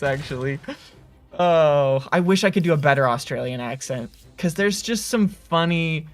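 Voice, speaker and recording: A young man hosting a casual livestream chat, talking loosely with lots of fillers and playful laughs. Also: a little high. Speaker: livestream host.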